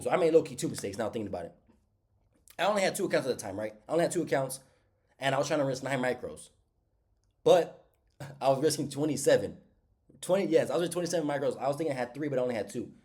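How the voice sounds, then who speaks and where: A man talks quickly and loosely, calling his viewers y'all and using plenty of slang. His voice sounds stuffed up and congested. He sits at a middle pitch, neither high nor low. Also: darkish tone. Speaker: day trader recapping trades. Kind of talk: casual screen-share trade recap.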